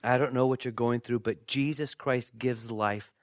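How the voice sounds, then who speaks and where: A male pastor preaching a sermon with jokey asides to the congregation, swinging from loud bursts to hushed, near-whispered lines. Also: mid-range voice, fairly even intonation, normal speed, no echo, clean studio sound.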